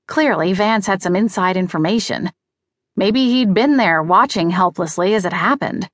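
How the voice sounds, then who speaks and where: A woman's voice: medium pitch, animated, normal speed, dry recording, studio quality. A woman reading a mystery audiobook in first person, with a wry, conversational delivery. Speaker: audiobook narrator. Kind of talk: first-person scripted narration.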